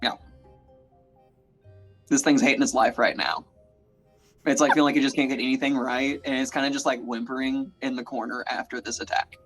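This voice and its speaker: A man's voice: medium pitch, fairly even intonation, fairly quick, long pauses, fairly bright tone, faint music behind. A man running a tabletop game as game master, narrating in a playful, chatty way with lots of fillers.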